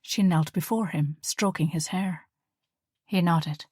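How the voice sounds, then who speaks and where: A woman's voice: fairly low pitch, takes it slowly, a little mellow, breathy edge, dry recording. Woman audiobook narrator, dry close read.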